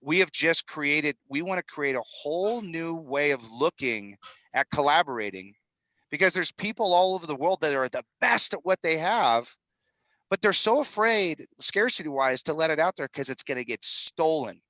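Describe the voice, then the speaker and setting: A man's voice: fairly high pitch, lively intonation, normal speed, pushed and bright, no echo, poor audio. A man in his fifties, a film executive producer, talking energetically and a bit rambling as a podcast guest. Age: 50s. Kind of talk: animated podcast interview talk. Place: studio in Utah.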